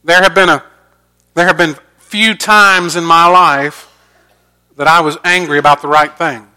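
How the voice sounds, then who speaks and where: A middle-aged pastor preaching a sermon earnestly, moving between loud emphasis and soft, quiet lines. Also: male voice, on the high side, fairly even intonation, unhurried, clear, resonant tone.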